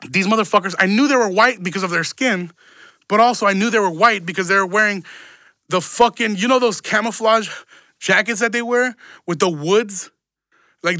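Young male podcast host, high voice, profane rambling rant, bone-dry close sound. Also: pushed and bright, no echo. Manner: rambling, profane, stumbling repeats. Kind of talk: casual solo podcast rant.

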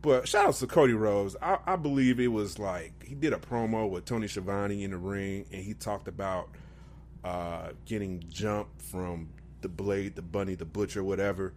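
A man co-hosting a casual wrestling podcast, lively and quick to mimic voices, dropping "man" and "bro". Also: fairly low pitch, slight background noise. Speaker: podcast co-host.

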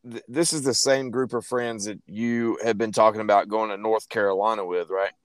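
A man hosting a casual podcast chat in a relaxed, open-minded way. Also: lowish voice, moderate pace, smooth, no room sound. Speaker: podcast host.

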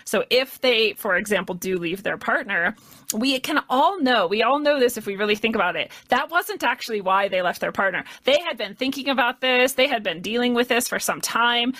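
Bright-voiced woman, measured and thoughtful. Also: medium pitch, dry recording. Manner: thoughtful, measured, laughs lightly. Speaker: guest. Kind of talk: casual interview talk.

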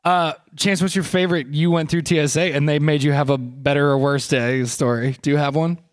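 A man with a rather high voice tells a long comic story on a live podcast stage. He rambles and restarts, swearing freely and mocking himself along the way. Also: fairly even intonation, brisk.

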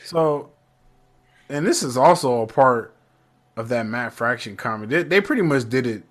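A man casually recapping a show episode, animated and acting out characters' lines as he tells it. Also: medium pitch, normal speed. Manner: animated, acts out lines in character voices, laughs often. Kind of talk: casual reaction chat.

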